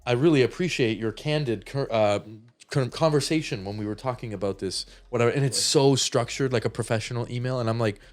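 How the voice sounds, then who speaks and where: A man's voice: medium pitch, a little fast. A young man co-hosting a casual comedy podcast, rambling through a story and acting out the quotes in a raised voice. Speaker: podcast co-host.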